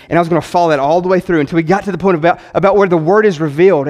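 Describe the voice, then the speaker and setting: Male pastor preaching in an excited, loose style, slightly high-pitched, often restarting sentences. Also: racing, hardly any pauses. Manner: enthusiastic, conversational; rambling with frequent restarts. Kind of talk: sermon.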